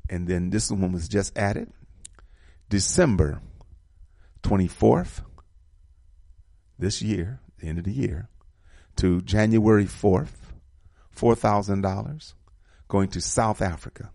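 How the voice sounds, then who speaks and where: A low-pitched middle-aged man with a gravelly edge, reading out show listings and sponsor notices. He stresses and repeats the key details in an emphatic, preacherly way, and the sound is dry and close. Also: takes it slowly, long pauses, warm tone, no echo. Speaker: host reading announcements. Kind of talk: radio-style community announcements.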